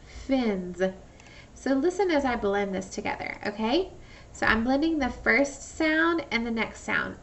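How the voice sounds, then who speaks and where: A woman's voice: medium pitch, gravelly, fairly bright tone, distant mic, slight background noise. A woman teacher giving a phonics lesson to young children, patiently sounding out words and asking questions. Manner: slow, patient, stretches out sounds and asks questions.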